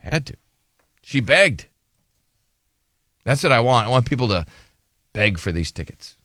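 A man hosting a radio show, chatting casually, rambling and repeating words in quick bursts. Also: mid-range voice, big pitch swings, bright, forceful tone, no echo, studio quality.

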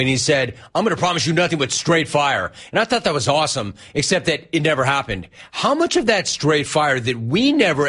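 A male sports talk host interviewing a guest with enthusiasm and emphasis. His voice sits a little higher than most men's. He often repeats himself to drive a point home. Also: a bit bright.

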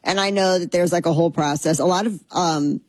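A woman's voice: on the low side, brisk, no room sound. A woman hosting a talk show, chatting casually in a sarcastic, rambling way. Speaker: podcast host. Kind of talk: casual chat.

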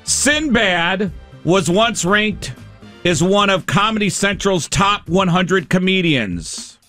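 A man's voice: high-pitched, animated, slow pace, pushed and bright, soft background music. A man hosting a call-in trivia game on the radio, playful and teasing as quizmaster.

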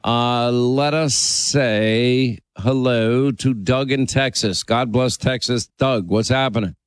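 A man from Long Island hosting a call-in radio show, greeting callers briskly and keeping things moving. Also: mid-range voice, steady tone, clean tone, dry recording, faint music behind. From Long Island, New York. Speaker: radio talk show host. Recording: dry studio sound.

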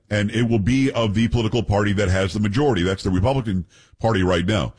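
A man's voice: fairly low pitch, fast talker, husky. A man hosting a talk radio show, giving blunt, opinionated political commentary and repeating his points for emphasis.

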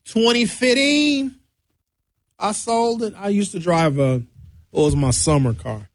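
A man's voice: a little slow, dry recording, studio quality. A man hosting a radio show, telling comic stories loosely with big swings in his voice. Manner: loose, joking storyteller with big pitch swings. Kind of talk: comedic radio monologue.

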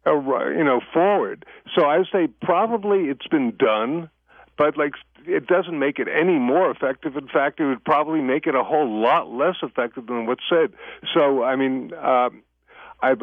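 Guesting on a casual radio show, this man has a mid-range voice and a moderate pace, spinning chatty stories with easy laughter. It comes through a tinny, dry phone line.

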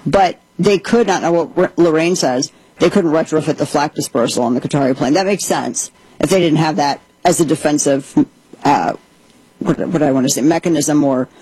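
A woman's voice: sits low, normal speed, mellow, breathy edge, dry recording, low-quality recording. A woman hosting a political talk show, giving sarcastic, rambling commentary with frequent restarts.

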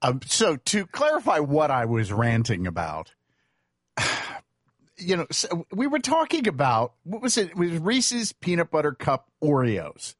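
A man's voice: fairly high pitch, huge pitch swings, measured pace, no room sound, studio quality. A middle-aged man co-hosting a morning radio show, ranting with mock indignation in casual chat.

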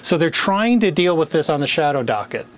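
A man commenting on court matters in a news interview, measured, with hesitations. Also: fairly high pitch, very animated. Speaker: legal commentator.

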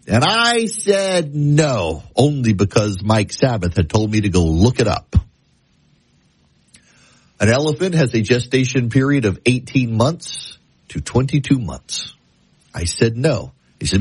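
A man hosting a talk show, speaking in a deliberate, emphatic way and repeating phrases to tell a story and give commentary. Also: mid-range voice, sing-song, husky, no echo. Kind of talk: talk radio monologue.

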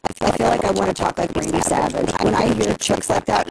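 A woman talk-show host rants with sarcastic, mocking energy. Her voice is full of gravelly fry. It comes over a noisy broadcast recording. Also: mid-range voice, fast. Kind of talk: opinionated talk show rant.

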